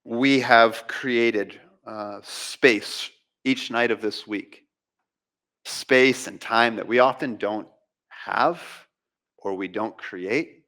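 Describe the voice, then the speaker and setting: A pastor preaching a sermon from the pulpit, impassioned, with dramatic rises and drops in his voice. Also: fairly bright tone. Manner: impassioned preaching with dramatic pitch swings and pauses. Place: church sanctuary.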